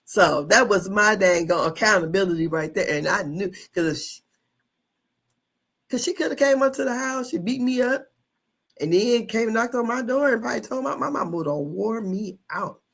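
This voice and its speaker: A woman in her fifties telling a childhood story in a casual monologue, animated, with slang, cursing and frequent laughter. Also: mid-range voice, moderate pace, vocal fry. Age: 50s. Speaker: online commentator.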